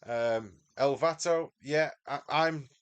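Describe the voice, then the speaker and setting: A man's voice: medium pitch, takes it slowly, clean tone. A man with a Mancunian accent, commentating his live sim-racing stream and chatting with viewers by name. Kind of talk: live gameplay commentary and chat.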